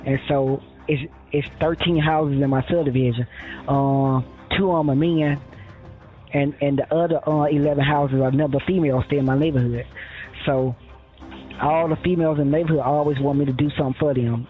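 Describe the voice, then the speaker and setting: Speaking a little fast in a fairly high pitch, a man recounts his story in a phone interview, drifting around, quoting others, and filling with restarts and fillers. The phone line is tinny, and faint music plays behind him.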